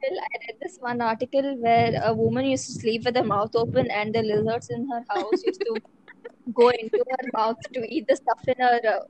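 A woman's voice: on the high side, fairly quick, noisy background. A young woman co-hosting a casual podcast with friends, giggly and playful, swearing freely. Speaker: podcast co-host. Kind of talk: casual chat among friends.

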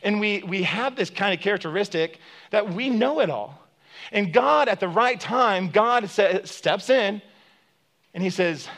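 A man's voice: high-pitched, lively intonation, measured pace, a bit bright. A man preaching a sermon as pastor, conversational and joking with many fillers, retelling stories with emphatic rises.

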